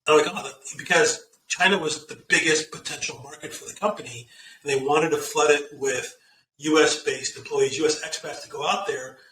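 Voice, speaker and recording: A middle-aged man talking as an interview guest, telling career stories and giving earnest, animated advice. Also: fairly high pitch, moderate pace, recorded from a distance, a little hiss or hum. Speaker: guest executive. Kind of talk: casual interview chat. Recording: echoey room, off-mic, faint ambience.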